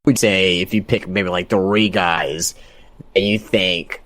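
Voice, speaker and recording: A man's voice: low-pitched, steady tone, slow pace, fairly bright tone, no room sound. A man chatting casually on a wrestling podcast, rambling with lots of fillers and asking for agreement. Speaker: podcast guest.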